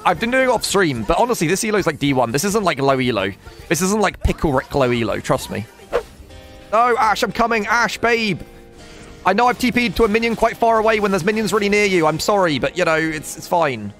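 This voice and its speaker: A man's voice: sits high, animated, brisk, a bit bright, soft background music. A young man streaming a video game, commentating casually, swearing and laughing as he talks to chat and teammates.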